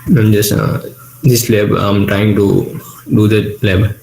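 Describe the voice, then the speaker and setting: A man's voice: fairly low pitch, fairly even intonation, slow, gravelly, darkish tone, roomy sound, slight background noise, low-quality recording. A young man answering a teacher's exam questions hesitantly over a video call, unsure of his answers. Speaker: student in an oral exam.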